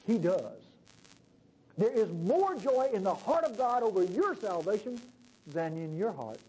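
A man's voice: sits high, big pitch swings, measured pace, dark tone, low-quality recording. A male pastor preaching a sermon in a conversational way, often asking the congregation questions.

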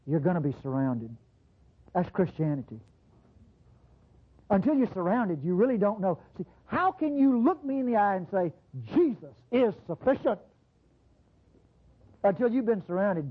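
A preacher delivering a sermon, talking straight to the congregation and swinging from low, close asides to sudden high bursts. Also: slightly rough. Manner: addresses the congregation directly with call-outs. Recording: tinny lo-fi sermon recording.

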